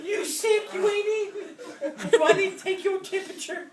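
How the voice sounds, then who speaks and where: Brief: woman playing a fierce, doting heavy-set nanny, shrill and loud, distant mic over a noisy crowd. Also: normal speed. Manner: shrieking, doting, threatening. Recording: echoey room, far mic, loud crowd.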